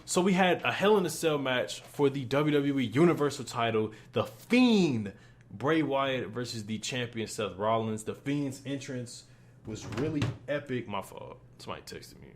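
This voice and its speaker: A man's voice: mid-range voice, lively intonation, normal speed, slight background noise. A young man giving a casual wrestling show review, ranting in a profane, exasperated way.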